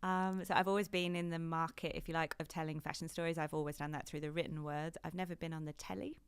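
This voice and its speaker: A British woman in her thirties talks in a low, deep register as a podcast guest. She is chatty and animated and often laughs as she talks. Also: fast talker, clean tone. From Britain. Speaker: podcast guest, fashion journalist. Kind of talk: casual interview chat.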